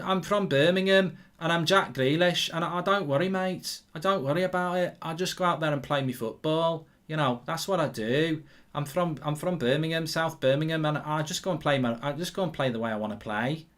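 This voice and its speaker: A man's voice: fairly high pitch, a bit bright, lightly acted. A man doing an impression of a cocky young male footballer with a put-on Scouse accent, breezy and repetitive.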